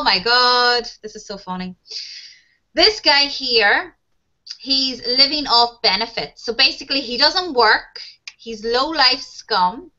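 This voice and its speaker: A woman's voice: fairly high pitch, bright, forceful tone, highs cut off. A woman teaching an online English class, chatting casually and laughing as she talks about TV shows. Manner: chatty, laughs often, addresses students as guys.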